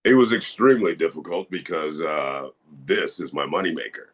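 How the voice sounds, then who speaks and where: A man with an extremely deep voice speaks slowly and deliberately, pausing and searching for words. His intonation still rises and falls a good deal. He is heard over a video call. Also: animated, husky. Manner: slow, deliberate, halting with fillers. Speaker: voice actor guest.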